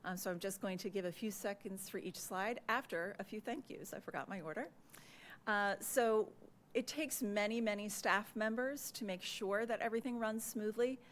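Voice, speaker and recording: A woman administrator, hoarse and losing her voice, gives a measured, earnest report at a public meeting with frequent "uh" and "um" fillers, into a desk microphone in a meeting room. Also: mid-range voice, a little hiss or hum. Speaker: school district administrator presenting a report.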